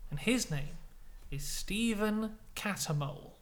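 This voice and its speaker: British podcast co-host, dry storyteller, spins silly tall tales. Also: male voice, sits high, takes it slowly. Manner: playful, deadpan tall tales. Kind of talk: comic storytelling.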